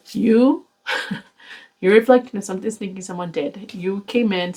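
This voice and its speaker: A woman's voice: mid-range voice, poor audio. A woman giving a casual tarot reading to camera, blunt and exasperated, swearing and lecturing her viewers. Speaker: tarot reader.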